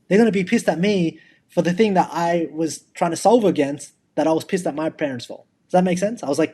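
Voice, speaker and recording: A young man co-hosting a podcast in casual, blunt chat, his speech emphatic and laced with swearing. His voice sits a little high but has a warm, mellow tone with a husky edge. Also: fast. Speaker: podcast co-host.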